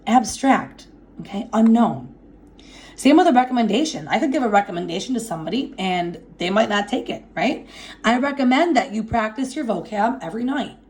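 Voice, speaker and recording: A woman teaching a grammar lesson in a classroom, slowing down to stress her example sentences and checking in with "okay?". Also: on the high side, a little mellow. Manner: slow and emphatic when reading example sentences; checks understanding with frequent "okay?". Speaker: Spanish teacher. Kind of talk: classroom lecture.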